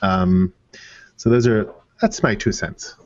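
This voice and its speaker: A man co-hosting a podcast who chats in a relaxed, casual way. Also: on the low side, takes it slowly, a little hiss or hum. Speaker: podcast co-host. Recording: dry, dull lo-fi audio.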